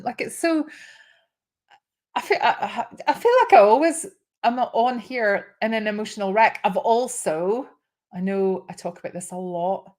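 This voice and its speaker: A woman's voice: mid-range voice, a little mellow. Chatty woman in her fifties. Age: 50s. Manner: chatty and emotional, with frequent laughs and restarts. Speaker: host. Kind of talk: casual live chat.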